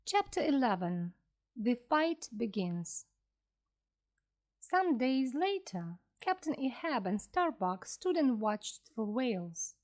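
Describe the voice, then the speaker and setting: A woman narrating a classic sea story slowly and clearly for English learners. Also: fairly high pitch. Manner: clear, careful and expressive. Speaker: audiobook narrator.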